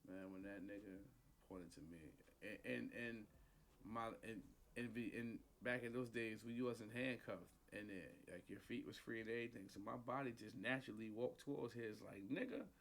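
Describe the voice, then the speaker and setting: A man's voice: on the low side, normal speed, vocal fry, a bit bright. A man casually telling a personal story into a studio microphone, slangy and profane, acting out the people he quotes.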